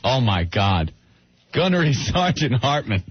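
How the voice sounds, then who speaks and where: A man's voice: mid-range voice, breathy edge, no room sound. A man hosting a radio show, chatting casually and animatedly about films and laughing often. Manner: animated, laughing, quick to do voices. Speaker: radio host. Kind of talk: casual talk-radio chat. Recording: muffled radio broadcast.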